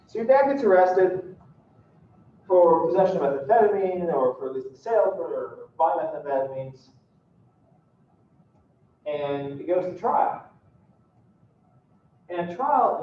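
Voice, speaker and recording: A male law lecturer telling an animated, playful hypothetical story to his students during a university lecture. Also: a little high, slight background noise. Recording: echoey classroom from a distant mic, dull.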